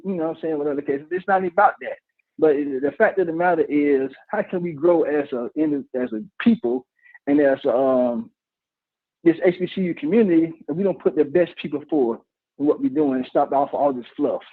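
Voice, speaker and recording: A man's voice: fairly high pitch, fairly quick. A man calling in to a live show, ranting emotionally and bluntly, swearing and restarting his sentences. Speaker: caller. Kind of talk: heated call-in rant. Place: office cubicle. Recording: tinny phone line.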